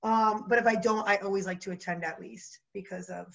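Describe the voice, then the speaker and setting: A woman with a New Jersey accent chatting as a podcast guest, bubbly and animated, full of "like" fillers. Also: mid-range voice, a little fast, vocal fry, muffled recording, faint music behind. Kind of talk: casual chat.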